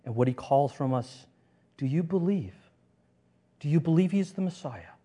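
A man preaching a sermon as a pastor, swinging from loud declarations to hushed words and repeating phrases for emphasis. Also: on the high side, expressive, moderate pace, slightly rough.

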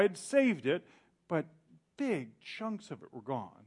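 A middle-aged male pastor preaching a sermon in an animated way, acting out quoted voices. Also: fairly high pitch, measured pace, slightly rough.

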